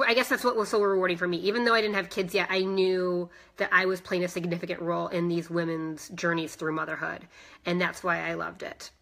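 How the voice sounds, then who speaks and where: A woman's voice: on the low side, sharp tone. A woman in her thirties, a fitness instructor, chatting emotionally in a live personal vlog and greeting viewers by name. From United States.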